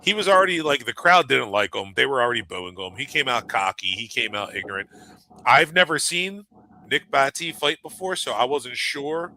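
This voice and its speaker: A man co-hosting a wrestling talk show, chatting in an animated, rambling way. His voice is gravelly, with a fry at the edges. The tone is very bright and forward. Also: mid-range voice, normal speed, rough recording. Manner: animated, laughs often, rambling. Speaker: wrestling podcast co-host. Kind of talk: casual chat.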